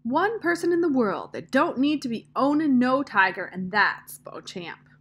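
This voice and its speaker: A woman's voice: high-pitched, big pitch swings, moderate pace, a bit bright, breathy edge, pitched above the performer's own voice, full character voice. A woman voicing a plainspoken older woman who talks in folksy dialect and sets others straight firmly. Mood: stern. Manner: folksy dialect, firm and matter-of-fact.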